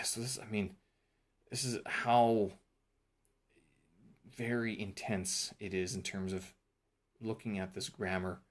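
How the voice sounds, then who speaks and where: A man casually talking through his course notes in a vlog, thinking aloud with fillers and self-corrections. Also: lowish voice. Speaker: vlogger reviewing a teacher training course.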